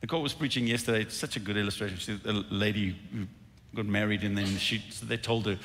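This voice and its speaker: A pastor giving a sermon in a church, animated at times and dropping to quiet intensity at others. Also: male voice, fairly low pitch, fast talker. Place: church auditorium. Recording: church hall reverb.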